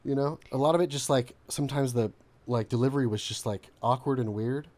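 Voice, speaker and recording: A man co-hosting a relaxed game review chat, rambling through his points with many fillers and easy laughs. His voice sits at an ordinary middle pitch. He is recorded close and dry, with no room sound. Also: brisk, no room sound. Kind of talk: casual chat.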